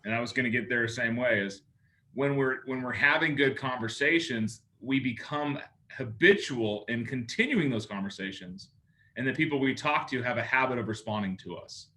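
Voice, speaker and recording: A male sales coach talks his class through phone habits in a bright, forceful voice. He is lively and playful, and he acts out both sides of the calls he describes. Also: mid-range voice, normal speed.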